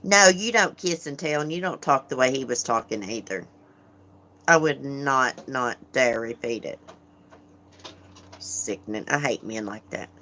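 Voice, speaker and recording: A woman with a low voice hosts a casual livestream. She talks frankly and chattily, laughing often and greeting viewers by name as she reads their comments. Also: animated, measured pace, pushed and bright. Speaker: livestream host.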